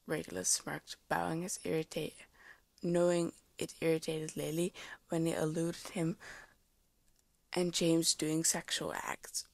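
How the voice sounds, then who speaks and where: A woman's voice: deep voice, level tone, unhurried, gravelly, dry recording. A woman reading a fan story aloud, stumbling over words and restarting them. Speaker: podfic reader.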